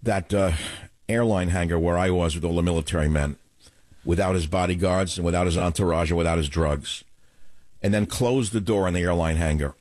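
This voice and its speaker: A man's voice: low-pitched, a little fast, darkish tone, no room sound. A man hosting a radio talk show, delivering a combative, scornful opening monologue.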